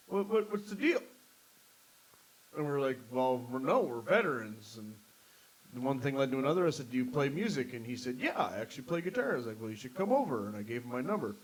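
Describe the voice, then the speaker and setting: A man's voice: a little high, low-quality recording. Rambling man hosting a casual podcast. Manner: swears freely, rambling storyteller. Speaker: podcast host. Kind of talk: casual chat.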